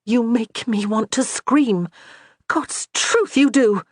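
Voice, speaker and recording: A woman voicing an exasperated, strong-willed young noblewoman, scolding in a sharp raised voice. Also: a little high, lively intonation, moderate pace, no echo, studio quality, pitched above the performer's own voice. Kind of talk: audiobook character voice.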